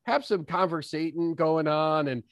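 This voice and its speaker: A hammy, folksy fellow with a put-on drawl, done by a man at a tabletop game. His pitch swoops and bounces as he stretches his words out, and the sound is dry and close. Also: sing-song, no echo, highs cut off. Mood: scheming. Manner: hammy, drawn-out folksy phrasing. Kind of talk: tabletop role-play in character.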